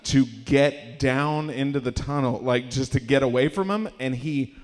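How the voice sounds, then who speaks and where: A man doing a stand-up set in a small performance space, with an awkward, halting delivery full of fillers and sudden shrieking impressions. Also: medium pitch. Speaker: stand-up comedian. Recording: live room with long reverb.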